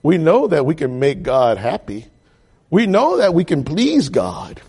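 A man preaching a sermon, building repeated phrases to loud emphatic peaks. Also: fairly high pitch, very animated, measured pace, breathy edge. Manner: emphatic, repetitive cadence, rising to loud peaks.

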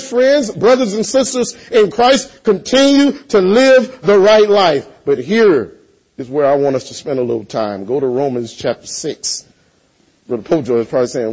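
A man's voice: on the high side, animated, moderate pace, slightly rough, poor audio. A man preaching a sermon in a church, reading scripture and addressing the congregation directly, with emphatic, swelling stresses. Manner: emphatic, rising to loud stressed passages.

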